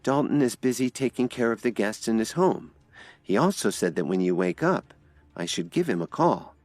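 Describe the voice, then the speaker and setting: A man's voice: mid-range voice, animated, normal speed, a little mellow, no echo, voice pushed up, lightly acted. A man voicing an anxious, caring young woman in an audio drama, pleading and worried. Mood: explaining.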